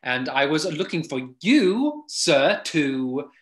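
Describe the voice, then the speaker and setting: A man's voice: fairly high pitch, very animated, slow pace. A man reading a part aloud in a live play reading, flustered and stammering. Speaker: volunteer reader playing Jack.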